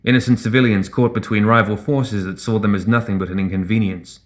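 A man reading a fantasy story aloud as narrator in a measured, even way. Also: on the low side. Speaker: audiobook narrator. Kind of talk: scripted narration.

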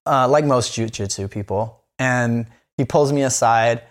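A man's voice: medium pitch, unhurried. Rambling, candid podcast man. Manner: rambling, many fillers and restarts. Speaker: podcast co-host. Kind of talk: candid casual chat.

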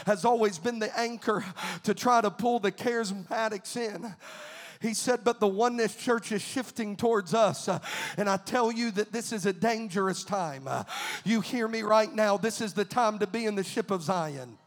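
A man's voice: sits high, big-room sound. A man preaching a sermon as pastor, fervent, repeating his phrases and dropping many filler "uh"s.

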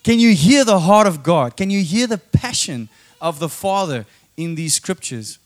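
A middle-aged man preaching a sermon, with a voice pitched somewhat high for a man. He reads the verses slowly and earnestly, leaning on key words. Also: lively intonation. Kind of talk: sermon with scripture reading.

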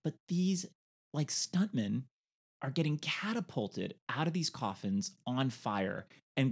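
Man, podcast co-host, casual film chat, sarcastic, swooping lively pitch. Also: takes it slowly, slight background noise. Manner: animated, campy, sarcastic storytelling.

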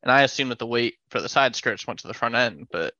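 A man's voice: mid-range voice, lively intonation, quick pace, sharp tone, no echo. A man, a guest robot builder, talking in loose casual chat full of fillers. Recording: dry, muffled call audio.

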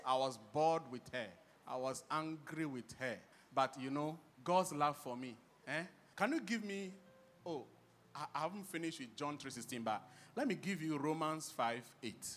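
A man preaching a sermon and leading his congregation in call-and-response shouts. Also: on the high side, expressive, normal speed, a little hiss or hum.

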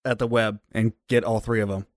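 A man with a fairly low voice plays as a guest in a tabletop role-playing game. He talks with crude, excited banter, recorded close and dry. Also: fairly quick, dry recording. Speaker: guest player. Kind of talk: casual tabletop game chat.

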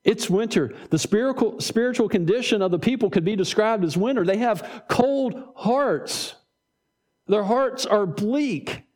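A man preaching a sermon, animated, acting out voices in dialogue and often repeating words as he builds a point. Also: high-pitched, measured pace. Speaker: pastor.

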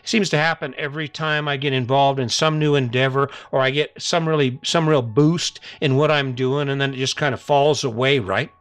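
Smooth and fairly bright, with medium pitch and fairly even intonation, a middle-aged podcast host speaks at normal speed with few pauses. He gives an earnest, coaxing motivational monologue that keeps repeating the same challenge to listeners, with no room sound.

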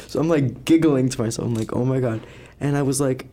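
A young man co-hosting a casual podcast and spinning long, rambling anecdotes. He swears freely and talks at an ordinary, mid-range pitch. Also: brisk, mellow. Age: young adult. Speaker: podcast co-host.

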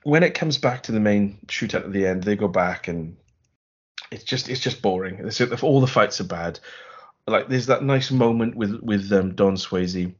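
A man's voice: fairly low pitch, moderate pace, highs cut off. A man co-hosting a podcast, recapping a film in a wry, rambling, sarcastic way. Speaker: podcast co-host. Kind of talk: casual film review chat.

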